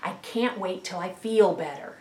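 A woman's voice: lowish voice, normal speed, distant mic. A woman speaking earnestly and reflectively about faith, with many fillers and restarts. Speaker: Christian speaker sharing reflections. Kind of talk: casual faith talk. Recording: echoey room, voice a bit off-mic.

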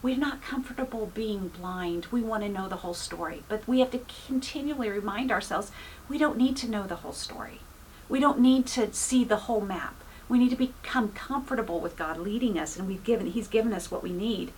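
A woman's voice: medium pitch, fairly quick, a little mellow, a little hiss or hum. A woman pastor giving an informal, earnest sermon, full of "you know" fillers. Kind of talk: conversational sermon.

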